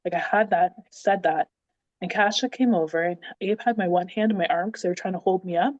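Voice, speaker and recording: A woman's voice: fairly low pitch, brisk, no room sound, dull audio. A woman on a podcast, telling a story in a chatty way, filling it with "like" and acting out what people said. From Canada. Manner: animated, says "like" a lot, acts out quotes. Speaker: guest. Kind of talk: casual storytelling.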